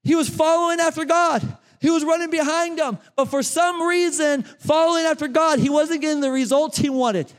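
A man preaching a sermon to his congregation, animated and out of breath, addressing them directly. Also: very high voice, normal speed, few pauses. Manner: animated, talks straight to the congregation. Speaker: pastor. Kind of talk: sermon with a live running demonstration. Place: church sanctuary. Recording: long reverb of a large church hall.

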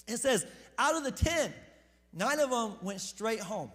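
A man preaching a casual, conversational sermon as pastor, joking with the congregation and repeating words when he gets excited. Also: extremely high pitch, unhurried. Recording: long hall reverb.

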